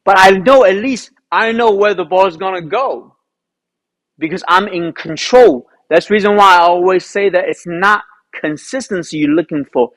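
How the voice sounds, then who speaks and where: A man, a golf instructor, recounting a round in an animated storytelling way, asking himself rhetorical questions. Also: high-pitched, normal speed, low-quality recording. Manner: animated, rhetorical questions, re-enacts his own thoughts.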